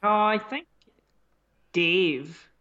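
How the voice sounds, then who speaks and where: A man's voice: high-pitched, very slow, pushed and bright, lo-fi sound. A man as a podcast guest, self-mocking and sweary, laughing at his own attempts. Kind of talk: casual chat.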